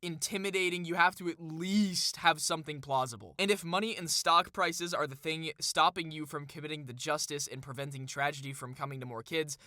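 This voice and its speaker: A man's voice: fairly high pitch, fairly quick, few pauses, bright, forceful tone, dry recording, studio quality. A young man ranting through commentary on an article with a sarcastic, heated and blunt manner.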